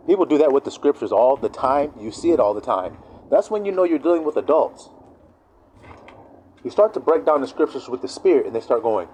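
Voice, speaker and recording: Male preacher, casual sermon, lively swooping delivery that jumps into quoted voices. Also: mid-range voice, fairly quick, slight background noise, poor audio. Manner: animated, acts out quoted voices. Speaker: online preacher.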